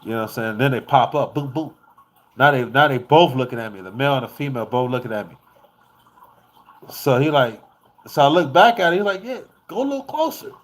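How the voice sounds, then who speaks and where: A man vlogging in a casual storytelling style, animated and rambling, who swears freely as he tells the story. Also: mid-range voice, fairly quick, pauses often.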